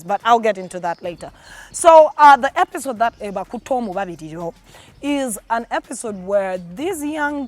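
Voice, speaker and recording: Indignant young Ugandan woman ranting. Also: mid-range voice. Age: young adult. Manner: indignant, sarcastic, emphatic. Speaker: vlogger. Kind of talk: opinion rant to camera.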